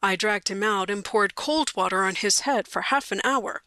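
Woman narrator, clear and wry, bright voice, dry close recording. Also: medium pitch, normal speed, no room sound. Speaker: audiobook reader. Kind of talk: storybook narration.

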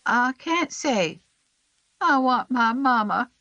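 A narrator voicing a frightened, sick young boy who speaks weakly in a high, pleading voice. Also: slow pace, fairly bright tone, dry recording, dull audio. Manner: weak, whispery and pleading.

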